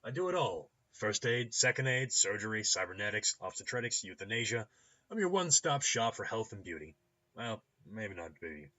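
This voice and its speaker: A man voicing a hungover, cheerful male cyber-doctor with a loose Midwestern accent, shouting and joking. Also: lowish voice, expressive, normal speed, lo-fi sound, voice pushed up. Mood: boisterous. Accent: loose Midwestern American. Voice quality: shouty, boisterous, jokey.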